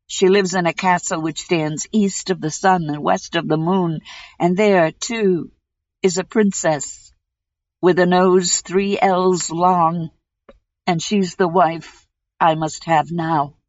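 A woman's voice: lowish voice, steady tone, slow pace, no echo. A woman reading a reproachful enchanted prince. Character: enchanted young prince, a bear by day, grieving. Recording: dull lo-fi recording.

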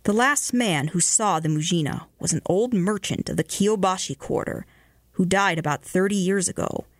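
A woman radio host reading ghost stories aloud in a measured way, slowing and hushing for the eerie parts. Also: fairly low pitch, dry recording, clean studio sound. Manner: measured, slows and hushes for eerie moments.

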